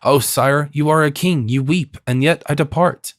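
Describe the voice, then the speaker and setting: A man's voice: fairly high pitch, moderate pace, dry recording, natural voice. A man reading the part of a passionate young woman who pleads with her royal lover in a dry audiobook recording. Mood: despairing.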